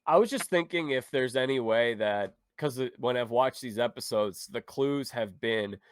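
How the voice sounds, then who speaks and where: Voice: mid-range voice, normal speed, clear, resonant tone. An interview host asking laid-back follow-up questions and laughing along with the guest.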